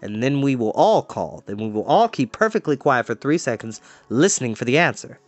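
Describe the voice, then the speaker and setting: A man's voice: medium pitch, big pitch swings, fairly quick, dry recording, muffled recording, faint music behind. A storyteller voicing a stern middle-aged father who gives firm, commanding orders.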